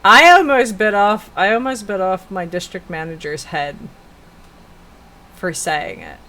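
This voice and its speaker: A woman's voice: mid-range voice, expressive, a little slow, pushed and bright. A woman hosting a casual stream, sharing friendly, funny anecdotes with laughter. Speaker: streamer host. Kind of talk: casual chat. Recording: faint background noise.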